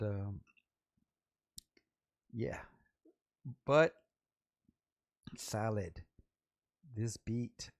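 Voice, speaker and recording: A middle-aged man from Los Angeles hosts his own vlog, rambling through profane stories with quick asides. His voice has a rough, gravelly fry. The sound is dry and close. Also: fairly low pitch, a little mellow, no echo. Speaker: vlog host and rapper. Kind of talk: casual storytelling to camera.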